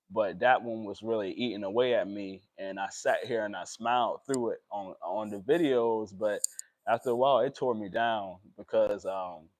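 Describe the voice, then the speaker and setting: A young man, talking emotionally and haltingly in a personal vlog, with many pauses and fillers. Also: on the low side, no room sound. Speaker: vlogger.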